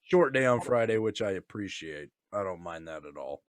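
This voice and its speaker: Crude, laughing man with a lively voice. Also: low-pitched, normal speed. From Nebraska, US. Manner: crude, laughing, does goofy voices when quoting people. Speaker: podcast co-host. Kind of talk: casual drunk banter.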